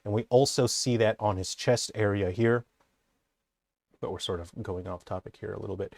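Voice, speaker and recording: A man's voice: lowish voice, steady tone, normal speed, vocal fry, a little mellow, no echo, clean studio sound. A man working as a character designer, giving an enthusiastic, rambling commentary full of hesitations. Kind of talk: casual commentary breakdown.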